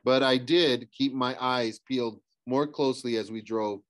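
A man's voice: mid-range voice, normal speed. Man reading a novel aloud, stumbling. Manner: hesitant, restarts sentences. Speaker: audiobook reader. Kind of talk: first-person novel narration.

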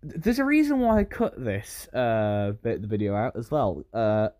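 A man's voice: on the low side, very animated, moderate pace, darkish tone. A British man giving rambling, self-interrupting commentary while playing a game. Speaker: gaming YouTuber. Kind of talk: Minecraft gameplay commentary.

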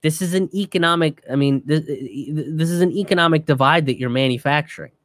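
A man's voice: fairly high pitch, brisk, a bit bright, no echo, studio quality. A young man and comedian giving heated, profane political commentary, ranting and restarting his sentences.

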